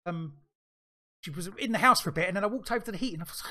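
A man's voice: high voice, very fast. A middle-aged man co-hosting a podcast, telling an anecdote in casual chat and acting out the voices in it. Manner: animated storyteller, acts out quoted dialogue. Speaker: podcast co-host.

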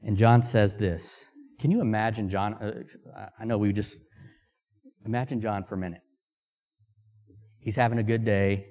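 Slow, deliberate male preacher. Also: lowish voice, steady tone, a little mellow. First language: Amharic. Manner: reads scripture aloud, then asks the congregation questions; slow, deliberate pacing with emphatic pauses. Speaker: missionary preacher. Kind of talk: sermon.

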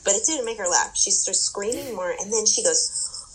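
A young adult woman telling an animated story in casual chat, with lots of fillers and swearing. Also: mid-range voice, normal speed, a little hiss or hum, low-quality recording.

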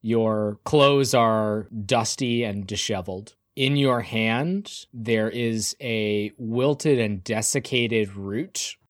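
Low-voiced male game master, dry sound. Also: dry recording. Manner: quick, upbeat host reads, slower scene narration. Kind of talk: narrating a tabletop game.

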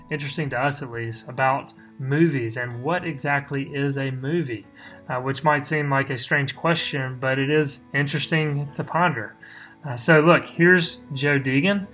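Bright-voiced man hosting a podcast. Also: on the high side. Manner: laughs a lot, self-deprecating. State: sick. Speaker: podcast co-host. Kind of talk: casual podcast chat.

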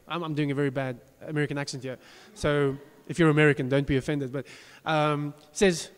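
Man, pastor, high voice, conversational sermon, self-deprecating, long church-hall reverb. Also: brisk.

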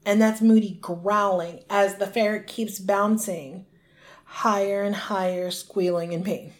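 A woman co-hosting a podcast, retelling a book chapter in casual chat and acting out the characters' lines in quick put-on voices. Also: medium pitch, steady tone. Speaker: podcast co-host.

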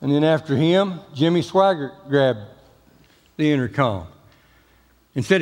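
A man's voice: on the high side, lively intonation, a little slow, long pauses, a little mellow, big-room sound. A man preaching a sermon as pastor, talking in a folksy, emphatic way with jokes. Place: church sanctuary.

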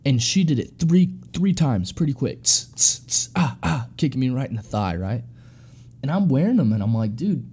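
A man's voice: medium pitch, dark tone. A young man telling a story in a loose, profane, slang-heavy way, calling his listeners bro and dude. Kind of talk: casual storytelling.

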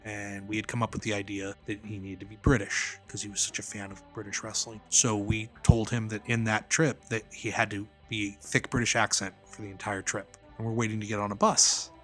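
Male indie wrestler guest, bright forceful tone, lively storyteller, faint music underneath. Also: fairly low pitch, a little fast, hardly any pauses. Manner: animated anecdotes, laughs while telling. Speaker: independent pro wrestler, guest. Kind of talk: casual storytelling interview.

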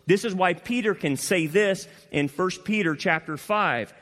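A man preaching a sermon as pastor, emphatic, moving between loud passionate peaks and quiet intimate asides. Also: high voice, unhurried, hardly any pauses. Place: church sanctuary. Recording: long hall reverb.

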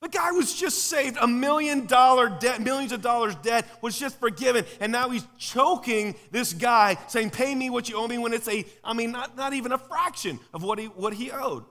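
With a very high-pitched voice, a preacher delivers a lively, casual live sermon at a moderate pace, barely pausing. He peppers the congregation with rhetorical questions, and the recording has a long hall reverb.

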